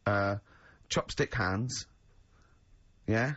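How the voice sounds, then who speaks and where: A man's voice: extremely slow, a bit bright. A hungover man hosting comic radio banter, giggly and playful, spinning silly ideas. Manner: giggly, bursts into high laughter and playful silly voices. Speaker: radio host. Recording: dull lo-fi radio broadcast.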